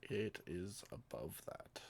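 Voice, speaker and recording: A man acting as game master in a live tabletop game, talking in a relaxed way with hesitant fillers. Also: sits low, slow pace, vocal fry, slightly rough, no echo.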